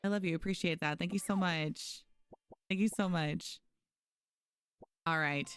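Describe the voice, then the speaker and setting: A young woman whose voice is on the low side talks a little slowly during a casual gaming livestream. She's chatty and animated, reading messages aloud and thanking her viewers. Her tone is clean and the recording dry.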